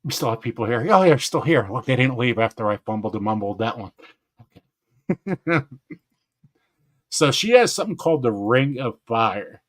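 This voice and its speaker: A man hosting a gardening live stream in casual chat, excitable, laughing often and stumbling over names. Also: mid-range voice, moderate pace, pauses often.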